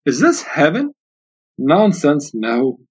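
A man reading aloud as a tart old grandmother back from the dead, speaking slowly in a raised, pert voice. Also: fairly high pitch, huge pitch swings, darkish tone, breathy edge, full character voice. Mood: serene. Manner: pert, unbothered, slow and raised. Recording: dull lo-fi sound.

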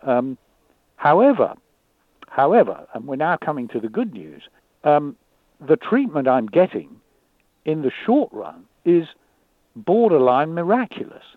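A man talking candidly and thoughtfully, often pausing and repeating words as he searches for them. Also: fairly high pitch, big pitch swings, no room sound. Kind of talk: candid conversation. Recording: dry tinny phone-like line.

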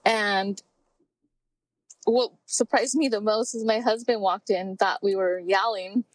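A woman's voice: medium pitch, steady tone, takes it slowly, no echo, poor audio. Heartfelt woman in her forties, dry sound. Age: 40s. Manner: heartfelt, reflective, hesitant with many fillers. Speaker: podcast guest. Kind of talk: candid personal interview.

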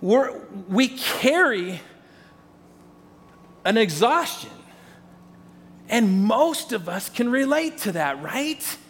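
High-voiced male pastor in a reverberant hall. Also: sing-song, slow pace, long pauses, a bit bright. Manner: conversational, repeats words, addresses the congregation directly. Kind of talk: sermon.

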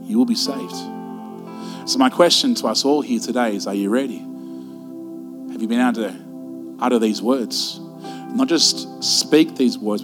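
A man preaching a sermon to a church, impassioned, repeating rhetorical questions. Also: medium pitch. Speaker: pastor. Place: church service.

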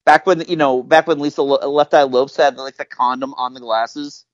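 A man's voice: medium pitch, steady tone, normal speed, dry recording, muffled recording. A man hosting a podcast in casual chat, joking and sarcastic as he runs the show. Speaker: podcast host.

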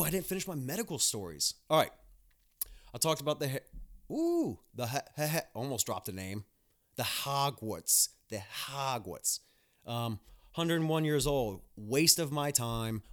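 A man's voice: mid-range voice, a bit bright. Blunt, profane young man ranting. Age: young adult. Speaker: podcast host, nurse. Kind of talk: casual podcast monologue.

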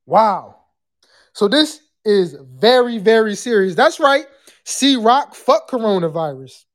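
A podcast host chatting live with callers and the chat, loud and profane, sometimes breaking into screams. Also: mid-range voice, expressive, slow.

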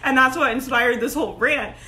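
A woman's voice: sits high, brisk. A woman, a business coach talking casually and energetically to her online group, laughing often. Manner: chatty and energetic, laughs often, says like and right a lot. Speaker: business coach hosting a Facebook group live video. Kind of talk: casual motivational live-stream talk.

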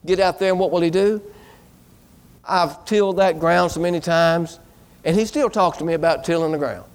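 Man preaching, pastor, folksy and exhorting, higher voice, rhetorical questions. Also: moderate pace, clean tone. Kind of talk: sermon.

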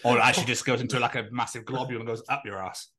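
A man's voice: mid-range voice, steady tone, very fast, pushed and bright. A man co-hosting a podcast, joking crudely, swearing and laughing a lot in casual banter. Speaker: podcast co-host.

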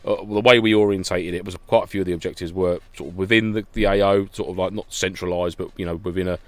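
A man's voice: low-pitched, steady tone, fast talker, no echo. A man co-hosting a podcast, chatting casually and telling rambling stories with frequent laughs. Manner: rambling anecdotal storytelling, laughs often. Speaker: podcast co-host. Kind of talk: casual chat.

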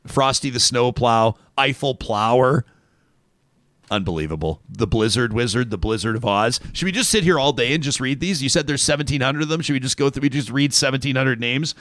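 A man's voice: mid-range voice, dry recording, clean studio sound. A man, hosting a casual talk show and joking his way through a list of names and stories. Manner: animated, joking, reading lists aloud.

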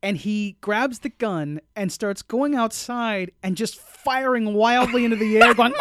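A man co-hosting a casual movie review chat, animated and indignant, often stumbling and restarting his sentences. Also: sits high, unhurried, hardly any pauses. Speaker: podcast co-host.

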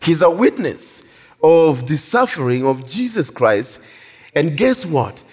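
A man preaching a sermon in a church hall with animated, drawn-out emphasis. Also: high voice, slightly rough. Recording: long reverb of a large hall.

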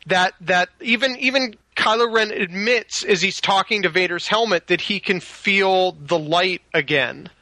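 A man with a high, bright, sharp-edged voice, speaking earnestly and hammering his points home. The sound is dry and close. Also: unhurried, hardly any pauses, no echo. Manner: earnest and emphatic, repeats points for stress. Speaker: podcast co-host discussing a film. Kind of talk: casual chat.

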